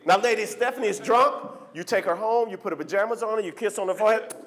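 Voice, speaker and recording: A man doing a stand-up comedy set at a club, loud and animated, jumping into shrill voices for the people in his stories. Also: fast.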